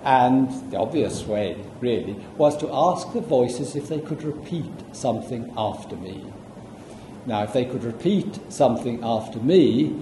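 A man giving a public lecture, explaining at a measured pace with asides to the audience. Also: mid-range voice, dark tone, a little hiss or hum. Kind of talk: public lecture with audio playback. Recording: echoey room, faint ambience.

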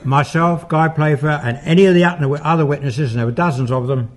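A man working as a paranormal investigator, calmly recounting his experiments in a measured, explanatory way. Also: a little high.

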